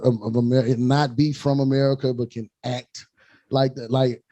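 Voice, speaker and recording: A man co-hosting a podcast, chiming in with slangy, excitable remarks. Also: mid-range voice, moderate pace. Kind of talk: casual chat.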